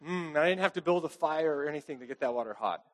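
A man's voice: on the high side, expressive, quick pace. Chatty pastor man, checking in often. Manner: chatty, self-deprecating, frequent "okay?" check-ins. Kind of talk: casual conversational sermon.

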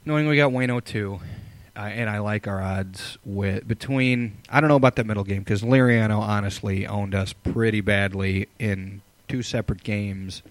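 A man co-hosting a live sports podcast, giving measured analysis with hedging fillers. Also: on the low side, steady tone, no room sound. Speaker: podcast co-host. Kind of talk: casual sports chat.

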